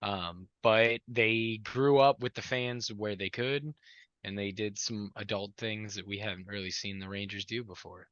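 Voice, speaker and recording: A man with a fairly low voice and a bright, forceful edge co-hosts a casual review chat, easing into his points with ums and pauses. The audio is dry and a bit muffled, like lo-fi gear. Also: no echo. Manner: relaxed, hesitant with fillers. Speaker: podcast co-host.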